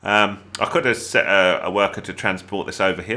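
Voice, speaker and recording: An English gaming channel host with a low-pitched voice speaks briskly in a sharp tone, keeping things chatty and jokey while he teaches viewers a video game.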